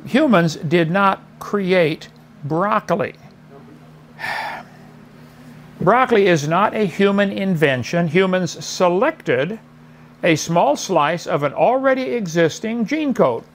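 A middle-aged man lectures his debate opponent in a mocking tone, circling back to the same points. His voice sits fairly high with a gravelly edge. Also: expressive, takes it slowly, long pauses, a little hiss or hum.

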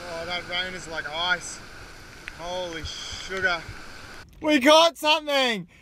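An Australian man talking to viewers while fishing off an ocean rock wall, exclaiming excitedly as fish bite and chatting casually between casts. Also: sits high, slow. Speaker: fishing vlogger. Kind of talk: outdoor fishing vlog commentary. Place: outdoors on a rock wall by the sea. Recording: loud wind and surf noise outdoors.

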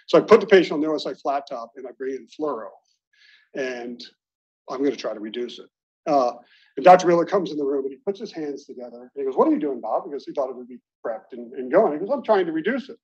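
Speaking fast and expressively in a husky, darkish mid-range voice, a middle-aged Baltimore man addresses colleagues at an alumni meeting. His anecdotes poke fun at himself in a conversational tone, and the lo-fi recording sounds dull.

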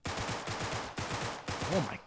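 A man doing let's play commentary, excitable, swinging between yelling and muttering. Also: drawn-out words, very noisy. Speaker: gameplay commentator.

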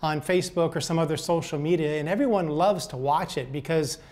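Older man telling folksy, gentle stories. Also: a little high, brisk. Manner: gentle, folksy, repeats words. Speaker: speaker. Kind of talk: motivational storytelling talk.

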